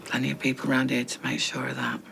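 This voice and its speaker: A woman's voice: very deep voice, completely flat delivery, quick pace, vocal fry, a bit bright, exaggerated voice. An actress playing a weary grieving woman, subdued and worn down. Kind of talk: TV soap acting. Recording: noisy background.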